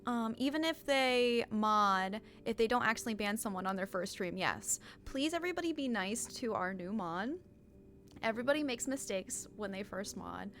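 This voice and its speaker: A woman's voice: mid-range voice, lively intonation, normal speed, a bit bright, faint music behind. A woman streamer chatting casually on a live stream, bubbly, greeting viewers by name, often laughing and getting emotional.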